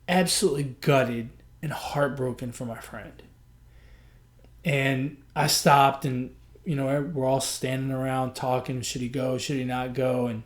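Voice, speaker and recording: A man hosting a podcast, telling a personal story in an earnest, emotional way, often repeating himself. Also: mid-range voice. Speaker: podcast host.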